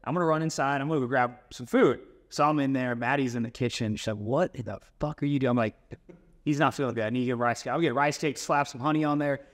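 A man telling a story in a relaxed interview. He talks casually and swears now and then. When he acts out what people said, his voice jumps up in pitch. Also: quick pace. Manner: animated storyteller, acts out quotes. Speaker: personal trainer.

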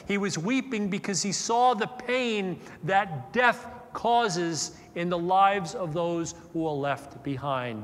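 A man preaching a sermon, moving from loud, emphatic stresses to soft, hushed passages. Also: high-pitched, in a large hall. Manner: slow deliberate stresses on key words. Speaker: pastor. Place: church.

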